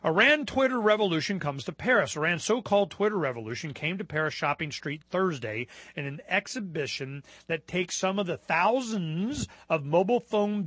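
Rambling talk host, bright and dry. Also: male voice, fairly high pitch, no echo. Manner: rambling, full of fillers and restarts, sarcastic asides. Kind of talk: radio talk show monologue reading news aloud.

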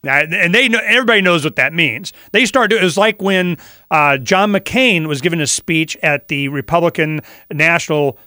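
A man from Florida hosting a talk radio show, telling stories in a rambling, animated way. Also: fairly high pitch, normal speed, no room sound, clean studio sound.

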